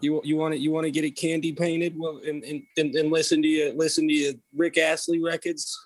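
A man with a slightly high voice trading jokes on a comedy podcast. He mocks his friends in stammering, restarting riffs. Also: flat delivery, brisk. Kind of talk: improvised comedy banter.

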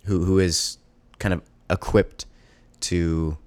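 A man with a low, deep voice speaks haltingly about being a parent, circling back with fillers and restarts. The sound is dry and close, with no room around him. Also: fairly even intonation, a little mellow, no echo. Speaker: parent of a young child. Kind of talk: personal monologue.

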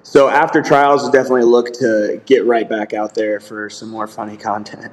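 A man's voice: lowish voice, little pitch movement, moderate pace, poor audio. A young man, a grappler guest on a podcast, who talks casually, laughs often and fills his speech with "like". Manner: easygoing, laughs often, says "like" a lot. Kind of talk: casual interview chat.

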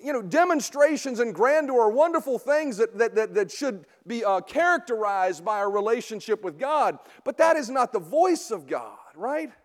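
High-voiced male preacher in a reverberant hall. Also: expressive, moderate pace, hardly any pauses. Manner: conversational, often checks in with a tag "right?". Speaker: preacher teaching a Bible series. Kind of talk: teaching sermon.

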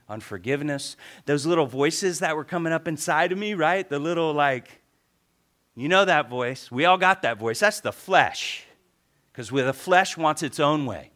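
A man preaching a sermon as pastor, telling a story lively and acting out his own grumbling thoughts. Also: mid-range voice.

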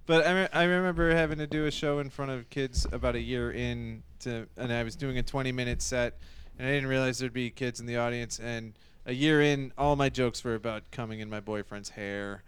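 A man's voice: mid-range voice, steady tone, fairly quick, clear, resonant tone. A man chatting casually about comedy sets, hesitant and often trailing off. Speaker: stand-up comedian. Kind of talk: casual chat.

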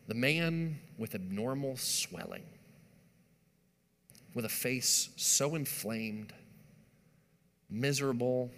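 Male pastor mid-sermon, mid-range voice, building emphasis and soft hushes, long reverb of a big room. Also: medium pitch. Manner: emphatic preaching, rising and dropping to a hush.

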